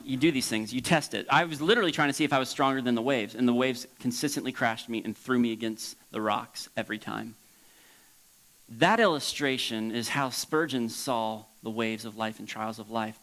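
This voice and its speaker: A man from Florida preaching as a pastor, leaping up high for emphasis and dropping to a soft hush for reflection. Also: moderate pace, poor audio. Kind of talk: sermon.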